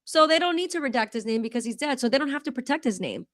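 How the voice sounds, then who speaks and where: A woman's voice: high-pitched, lively intonation, fast talker, fairly bright tone, no echo, clean studio sound. A woman hosting a reaction video, talking casually in a worked-up, rambling way with frequent restarts and apologies. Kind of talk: casual commentary.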